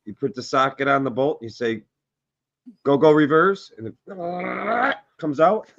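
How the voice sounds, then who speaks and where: A man's voice: medium pitch, big pitch swings, a little slow, gravelly, fairly bright tone, no echo, dull audio. A man from the Detroit area talking car repair in a blunt, mechanic-minded way, swearing casually. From Metro Detroit.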